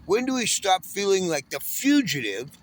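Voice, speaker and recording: A man's voice: sits high, big pitch swings, moderate pace. A homeless man in his sixties from Southern California, ranting angrily in a profane, bitter monologue. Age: 60s. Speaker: homeless panhandler.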